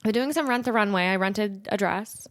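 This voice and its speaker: A woman in her twenties co-hosting a podcast, chatting casually and upbeat with quick asides. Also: medium pitch, no echo. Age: 20s. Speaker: podcast co-host.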